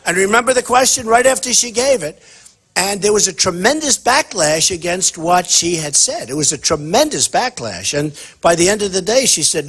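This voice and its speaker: Husky, boastful man in a rambling speech. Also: high-pitched, sing-song, normal speed, a bit bright. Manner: boastful, rambling, repeats himself. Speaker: political candidate at a town hall. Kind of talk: off-the-cuff campaign speech.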